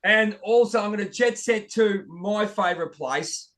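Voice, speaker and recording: A man hosting a casual spiritual podcast over a video call, excitable and calling everyone mate. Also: high voice, measured pace. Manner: excitable, keeps saying "mate". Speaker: podcast host.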